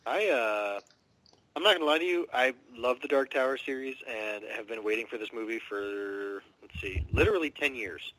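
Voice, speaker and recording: A man's voice: mid-range voice, moderate pace, a bit bright, low-quality recording. A man co-hosting a podcast in casual chat, speaking with enthusiasm and emphasis. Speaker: podcast co-host.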